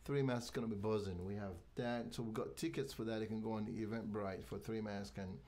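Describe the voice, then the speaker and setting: A man from Nigeria, a guest in a casual interview, talking in a halting way with frequent restarts. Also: fairly low pitch, fairly even intonation, dark tone. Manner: halting, many restarts, promotional. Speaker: guest, venue owner.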